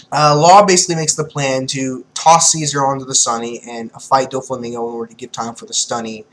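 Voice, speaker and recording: Excitable young man reviewing a manga chapter. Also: mid-range voice, poor audio. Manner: excitable, profane, laughs often. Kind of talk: casual commentary.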